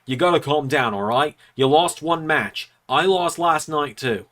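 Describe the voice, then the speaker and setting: A man hosting and commentating on a wrestling video game series, doing chatty, excitable play-by-play with jokes. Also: on the high side, unhurried.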